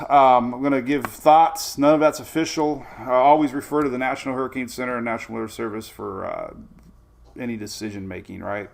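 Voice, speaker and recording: Casting: middle-aged male livestream host, gravelly, energetic, chatty. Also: mid-range voice. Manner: energetic, rambling, greets viewers by name. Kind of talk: casual livestream chat.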